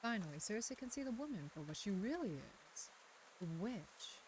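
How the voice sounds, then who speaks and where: A woman streamer reading a visual novel aloud, narrating and adding playful, excitable asides. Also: medium pitch, normal speed, a little hiss or hum. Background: game music.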